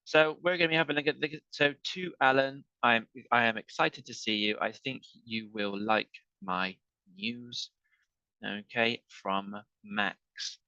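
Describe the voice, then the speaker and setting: Male english teacher, slow patient delivery, bright lowish voice, dry muffled sound. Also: no room sound. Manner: slow, patient, repeats with "okay". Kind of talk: online ESL lesson.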